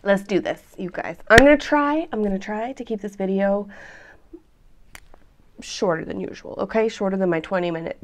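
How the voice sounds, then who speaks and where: A woman's voice: medium pitch, fairly even intonation, normal speed, pauses often, background noise. A woman, hosting a vlog and chatting to viewers between giggles. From United States. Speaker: vlog host. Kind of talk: casual chat to camera.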